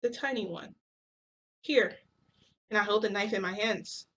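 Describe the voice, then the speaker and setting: A woman's voice: medium pitch, measured pace, fairly bright tone. A woman casually telling a long story to her viewers, rambling with many fillers. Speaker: vlogger.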